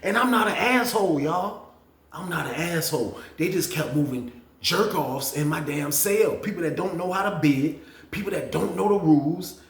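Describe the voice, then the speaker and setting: A man hosting a casual storytime, animated and profane, talking straight to his viewers. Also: a little high, normal speed, gravelly, echoey room. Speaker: storytelling channel host. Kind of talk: casual storytime about prison.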